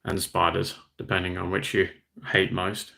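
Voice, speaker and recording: Low gravelly Australian man chatting. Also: completely flat delivery, moderate pace, sharp tone. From Western Australia. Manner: chatty, reads out and answers viewer comments. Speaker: livestream host. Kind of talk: casual livestream chat.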